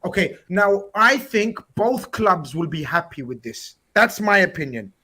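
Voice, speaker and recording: A man's voice: high-pitched, very animated, unhurried, bright, forceful tone, husky. A man hosting a football panel, steering the debate in a jokey manner. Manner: jokey, steering, talks over others. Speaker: host.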